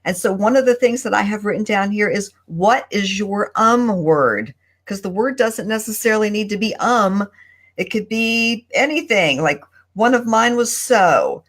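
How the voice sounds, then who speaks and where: A woman on a video call at her desk, chatting on a panel and giving tips in a thoughtful, pausing way. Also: medium pitch. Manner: thoughtful, deliberate, with pauses. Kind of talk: casual panel chat. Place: home desk.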